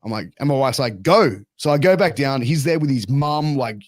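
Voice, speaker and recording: A man's voice: medium pitch, fairly quick, dry recording. A young Australian man hosting a podcast, telling a story in a casual way with constant fillers and swearing. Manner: swears a lot, filler-heavy, animated retelling. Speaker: podcast host.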